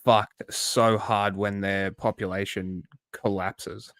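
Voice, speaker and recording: A man's voice: on the low side, little pitch movement, slow, fairly bright tone, no echo. A man co-hosting a livestream, mostly agreeing in short bursts and adding blunt remarks about the news. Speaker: co-host. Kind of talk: casual political chat over news clips.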